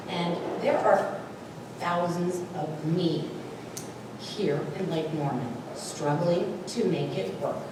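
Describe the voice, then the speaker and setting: An earnest middle-aged woman makes her public comment at a meeting. Her voice sits a little low and comes from a distant mic in a very echoey hall. A noisy hiss lies over it.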